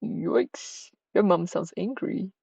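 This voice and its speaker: A woman's voice: fairly low pitch, slow pace, gravelly, mellow, slightly rough, no room sound, highs cut off. A woman streamer giving casual, chatty commentary while reading a story game, giggling and swearing freely.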